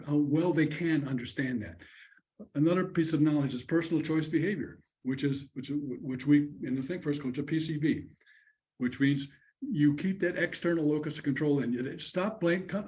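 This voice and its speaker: Over a video call, a conference presenter with a fairly high, darkish voice speaks a little fast. He's giving an online lecture on counseling students in a conversational way, playing out both the student's and the counselor's words.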